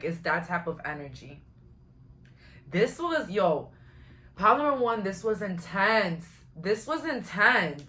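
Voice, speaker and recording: Young ny woman doing a tarot reading, kinda low but punchy bright voice, super frank and chatty. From Brooklyn, New York. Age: 20s. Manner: frank, chatty, blunt with the odd curse. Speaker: tarot reader. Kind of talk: casual tarot reading to camera.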